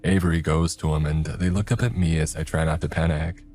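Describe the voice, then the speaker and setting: Man, very low voice, horror story narration, soft music underneath. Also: fairly even intonation. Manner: measured storytelling, voicing all characters. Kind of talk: scripted first-person horror narration.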